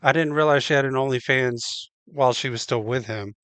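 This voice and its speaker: A man's voice: medium pitch, fairly quick, a bit bright, smooth, no room sound. A man hosting a reaction show, cutting in with blunt, crude comments.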